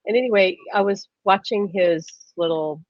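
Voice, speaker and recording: A woman hosting a live stream, telling stories in a lively, casual way and laughing often. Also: mid-range voice, moderate pace, no room sound. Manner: animated storyteller, laughs often. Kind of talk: casual chat. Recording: dull lo-fi stream audio.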